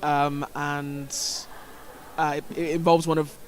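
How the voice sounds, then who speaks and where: A man's voice: on the high side, little pitch movement, slow pace, slight background noise. A man commentating a sports game, telling a story hesitantly with many fillers and restarts.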